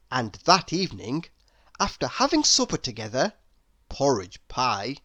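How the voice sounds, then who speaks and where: A man narrates a children's storybook aloud at an unhurried pace. His voice swings widely in pitch, moving up and down the scale to keep young listeners hooked. The sound is close and dry. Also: no room sound. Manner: lively, leaps high for characters' lines. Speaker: storybook reader.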